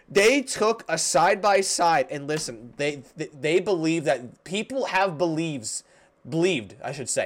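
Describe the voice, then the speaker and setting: A man's voice: a little high, expressive, unhurried, fairly bright tone. Young guy on a sports podcast, giggly and hyped, stumbles over words, voice jumps all over. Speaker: podcast co-host. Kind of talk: casual sports chat.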